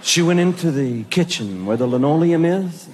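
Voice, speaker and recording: A man's voice: on the high side, lively intonation, normal speed, background noise. A male stand-up comedian telling a story, acting out scenes in a mock-stern parent voice.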